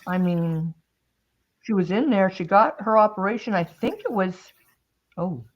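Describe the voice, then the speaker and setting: A woman's voice: medium pitch, animated, measured pace, muffled recording. A woman hosting a casual craft-and-chat stream, telling a long story in a rambling way with many restarts. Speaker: host.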